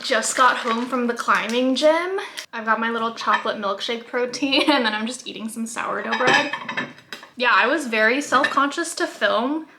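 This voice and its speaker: A woman's voice: on the high side, background noise. A young woman vlogging casually at home, chatting about her day while eating, with lots of filler words. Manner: chatty, many "like" fillers, laughs while talking. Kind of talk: casual vlog talk to camera.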